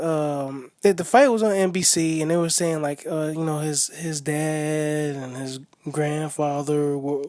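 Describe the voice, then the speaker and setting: A man's voice: fairly high pitch, a little mellow, no echo, studio quality. Rambling man talking boxing. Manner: rambling, many fillers and restarts. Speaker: boxing commentator vlogger. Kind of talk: casual monologue to camera.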